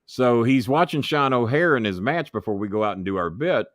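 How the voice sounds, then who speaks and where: A man's voice: mid-range voice, lively intonation, fairly quick, dry recording, studio quality. A middle-aged man, telling profane wrestling stories in an interview, acting out voices and laughing as he goes. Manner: swears freely, acts out others' voices, laughs mid-story. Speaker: wrestling manager and commentator guest.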